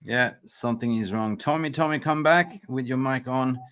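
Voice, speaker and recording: A man hosting a casual fan live stream, excitable, laughing often and swearing freely. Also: medium pitch, normal speed, smooth.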